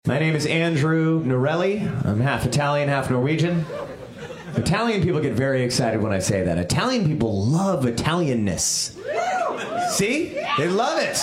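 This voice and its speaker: A man performing an animated stand-up comedy set. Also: a little high, moderate pace. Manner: animated, laughing. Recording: roomy club with crowd.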